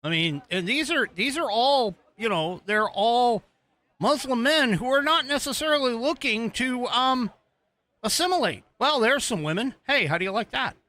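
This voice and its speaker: A man's voice: very high voice, animated, normal speed, pushed and bright, dry recording. An American man hosting a political podcast, rambling casually with many fillers and restarts while he talks over video footage he is playing. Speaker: podcast host.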